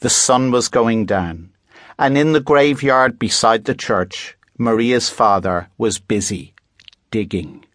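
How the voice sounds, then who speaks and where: A man reads a children's story aloud at a slow, unhurried pace in a measured storytelling manner. The sound is close and dry. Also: mid-range voice, no echo. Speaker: audiobook narrator. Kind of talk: scripted children's book narration.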